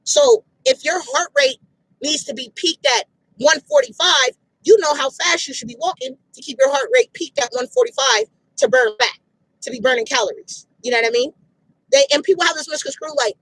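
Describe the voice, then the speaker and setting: A woman's voice: high voice, very animated, a little fast, a bit bright, dry recording, poor audio. A woman giving a casual, emphatic fitness pep talk outdoors, repeating her points bluntly with slangy phrasing. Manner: emphatic, repetitive, direct, street slang. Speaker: fitness motivator.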